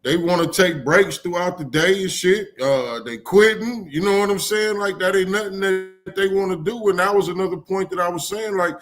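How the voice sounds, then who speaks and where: A man's voice: sits high, moderate pace, few pauses. A man co-hosting a casual live-stream chat, laid-back and rambling, with frequent swearing.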